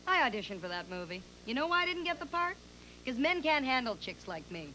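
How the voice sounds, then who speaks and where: A brash young comic in a TV sketch. Her voice is high and jumps all over, boastful and self-sure. A noisy audience sits behind her. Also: sing-song, brisk, sharp tone, full character voice. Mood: brassy. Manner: brassy, boastful, swoops up high. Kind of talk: sketch comedy talk-show bit.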